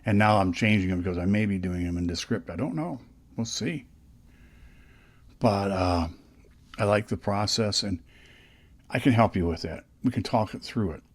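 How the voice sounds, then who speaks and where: Older man, fairly low voice, casual vlog storytelling, rambling, restarts sentences, close studio mic. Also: normal speed, long pauses. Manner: rambling, chatty, frequent restarts. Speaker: podcast host. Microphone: dynamic studio microphone.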